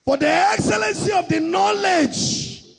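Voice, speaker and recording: A man preaching a sermon, shouting and half-singing in bursts, mocking others in put-on voices. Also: extremely high pitch, unhurried, gravelly, big-room sound.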